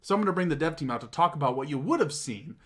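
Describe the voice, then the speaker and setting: Man retelling an event with animated, profane flair. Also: on the high side, rapid-fire. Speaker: talk show host. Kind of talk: casual chat.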